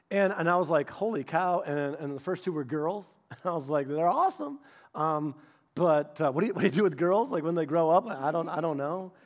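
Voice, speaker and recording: A middle-aged male pastor preaching a sermon, telling personal stories in an animated, humorous way with frequent restarts. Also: fairly high pitch.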